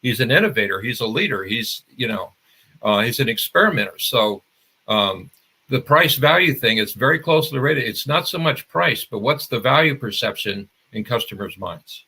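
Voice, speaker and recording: A man's voice: mid-range voice, lively intonation, normal speed, bright, forceful tone, breathy edge. An older man, a marketing expert guest, explaining in a conversational interview with restarts and examples.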